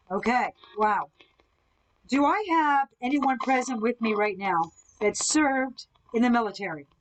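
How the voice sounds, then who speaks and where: A woman hosting a live ghost hunting session, calmly asking the spirits questions from indoors at someone else's home. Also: high-pitched, low-quality recording. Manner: calm, coaxing questions to spirits. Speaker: ghost hunter host.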